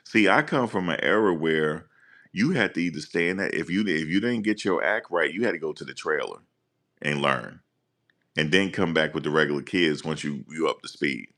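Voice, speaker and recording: A man hosting a live stream, talking casually and teasing his viewers in an animated rant. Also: very deep voice, moderate pace.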